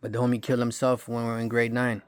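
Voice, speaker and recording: A man's voice: medium pitch, completely flat delivery, very fast, clean tone. A man in his thirties telling a rambling dream story in slangy, profane street talk. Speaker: vlogger. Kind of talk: casual storytelling monologue.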